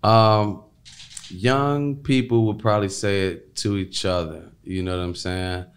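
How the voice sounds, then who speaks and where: A man's voice: fairly low pitch, fairly even intonation, a little slow. A man talking as a podcast guest in a loose, rambling way, filling gaps with "you know what I mean". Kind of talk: casual interview talk.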